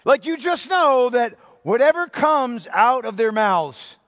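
Emphatic high-voiced male pastor preaching. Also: big pitch swings, slow, big-room sound. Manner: emphatic, rhetorical questions to the congregation; dramatic drops to a hushed voice. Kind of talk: sermon.

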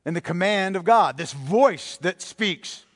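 A male preacher giving a sermon, emphatic and repeating key phrases, swinging between loud and hushed delivery. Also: sits high, lively intonation, a little slow. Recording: long reverb of a large hall.

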